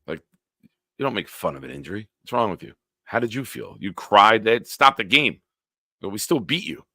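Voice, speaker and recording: A man's voice: on the low side, expressive, moderate pace, bright, forceful tone, no room sound, clean studio sound. A man hosting a casual live-stream sports talk show, ranting with lots of profanity and answering chat comments.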